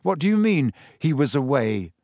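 A man's voice: fairly high pitch, very animated, moderate pace, a little mellow, no echo, studio quality. Man doing Harry, a level-headed teen boy. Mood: puzzled. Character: teenage boy wizard, puzzled, level-headed.

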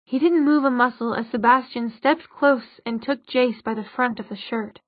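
Husky woman narrating an audiobook. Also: a little high, moderate pace, no echo. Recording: dull lo-fi audiobook recording.

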